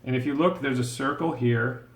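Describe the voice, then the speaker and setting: A man talks at normal speed in a mid-range voice as he leads a step-by-step drawing lesson. He narrates each stroke while drawing, thinking aloud patiently and encouragingly, and the room gives the recording an echo.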